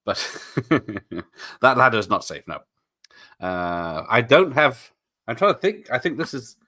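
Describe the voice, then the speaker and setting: A man's voice: fairly low pitch, bright, forceful tone. A man streaming a watch party, chatting casually, laughing often and replying to viewers. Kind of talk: casual live commentary.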